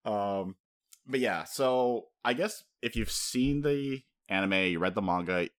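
A man's voice: lowish voice, a little slow, no echo. A man co-hosting a podcast in casual chat, rambling and chatty, often laughing as he talks. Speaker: podcast co-host.

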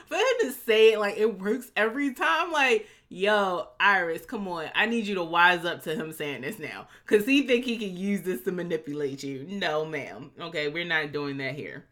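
A woman's voice: moderate pace, few pauses. A woman co-hosting a podcast in casual chat, recapping a TV episode and acting out quotes with big jumps in her voice. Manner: animated, acts out quotes with big pitch jumps. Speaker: podcast co-host.

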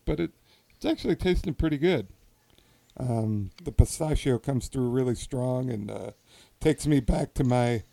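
Podcast guy, mellow low-key voice, lots of uhs, dry close mic. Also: gravelly, no echo. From Wisconsin. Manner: halting, many ums and uhs, laughs often. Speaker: podcast co-host. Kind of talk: casual chat over drinks.

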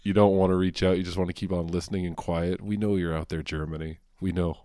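Deep-voiced New York man, rambling podcast chat. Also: level tone, fast talker, mellow, no echo, studio quality. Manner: rambling, laughs often, lots of "like". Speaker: podcast co-host. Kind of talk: casual chat.

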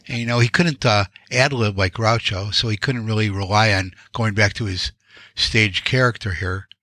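A man co-hosting a podcast, giving relaxed opinions with dry quips. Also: fairly low pitch, normal speed, no echo. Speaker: podcast co-host. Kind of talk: conversational film discussion.

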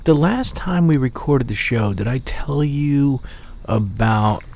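A man's voice: mid-range voice, animated, a little mellow, slight background noise. Chatty man rambling on a podcast. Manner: chatty, swearing, quick asides and self-corrections. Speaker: podcast co-host. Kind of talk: casual chat.

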